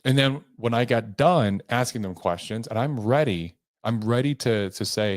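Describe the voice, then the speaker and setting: In a fairly low voice that runs fairly quick with hardly any pauses, this man hosts his own motivational sales podcast. He coaches emphatically, varying pace and tone for effect, and the studio-quality audio has no room sound.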